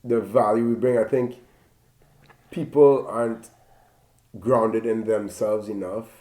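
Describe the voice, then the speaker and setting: A man hosting a podcast, chatting in a friendly, lively way with his guest. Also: on the low side, slow. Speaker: podcast host. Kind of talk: casual interview chat.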